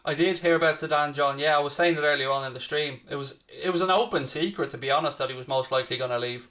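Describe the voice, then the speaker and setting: Fast and a little high, this young man's voice sounds pushed and bright. He is hosting a live football watchalong stream, offering commentary, chatting casually, and replying to viewers by name.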